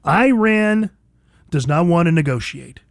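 A man's voice: fairly high pitch, animated, unhurried, vocal fry, dry recording, studio quality. A man hosting a talk radio show, delivering an emphatic, opinionated monologue full of repetition.

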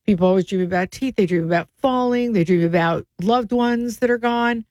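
A woman's voice: mid-range voice, brisk, a little mellow, no room sound. A woman hosts a radio show in casual chat, curious and playful in her questions. Her voice sits in a middle range, recorded close and dry.

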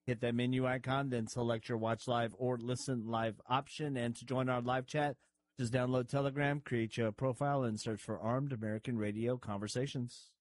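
A man co-hosting a radio show reads out announcements in a matter-of-fact way. His delivery is flat and even at a middle pitch, with dry, close sound. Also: moderate pace, no echo. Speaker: radio show producer/co-host.

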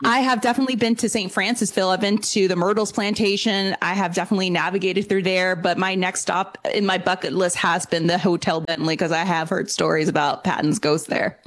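A woman from New Orleans speaking as a guest paranormal investigator on a call-in radio show. She talks in a warm, enthusiastic, conversational way. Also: lowish voice, fairly even intonation, a little fast, few pauses. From New Orleans, USA.

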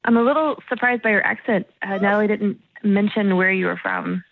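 A woman's voice: medium pitch, brisk, gravelly, dry recording. A woman on the phone, baffled and hesitant, stumbling over her words as she answers a prank call. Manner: baffled, hesitant, many restarts. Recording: lo-fi phone line.

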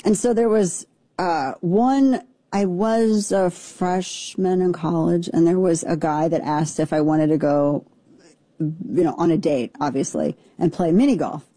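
A woman's voice: fairly low pitch, measured pace, mellow, dry recording. A woman in her forties, co-hosting a casual on-air chat, telling stories with self-mocking asides. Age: 40s. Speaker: radio show co-host.

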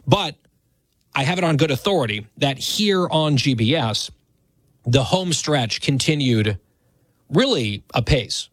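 A man's voice: mid-range voice, animated, unhurried, no echo. A man in his thirties hosting a radio talk show, speaking in a conversational, self-deprecating way.

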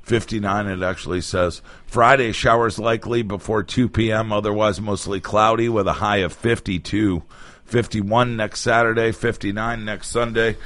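Bright-voiced man reading the weather. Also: fairly low pitch, steady tone, moderate pace. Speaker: radio host. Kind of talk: casual chat and weather reading.

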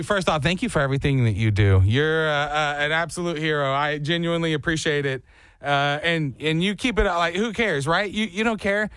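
A male radio host with a high voice, bantering and joking as he tells stories and mimics the people in them. The sound is dry and close to the mic. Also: fairly quick, a bit bright, clear, resonant tone, dry recording.

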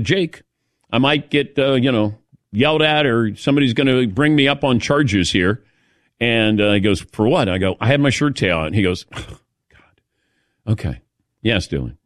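A middle-aged man hosting a radio talk show, telling an animated story and calling on his cohosts. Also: mid-range voice, dry recording, clean studio sound. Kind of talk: casual studio chat.

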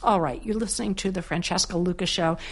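A woman hosting a podcast interview, chatty and relaxed, with frequent fillers and restarts as she frames her questions. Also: lowish voice, fast, soft background music. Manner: chatty, many fillers and restarts, laughs easily. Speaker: podcast host.

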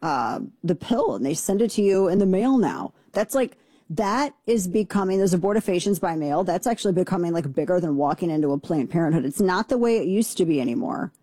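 A woman hosting a talk show, riffing on the news in a sarcastic, mocking way. Her voice is mellow and dark-toned, recorded close and dry with no room sound. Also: lowish voice, lively intonation, fairly quick, slightly rough, no echo. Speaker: show host. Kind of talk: casual political commentary.

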